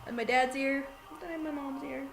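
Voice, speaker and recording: A woman's voice: sits high, steady tone, a little fast, vocal fry, noisy background. A woman chatting in a bubbly, giggly way, telling funny stories. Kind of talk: casual comedic chat.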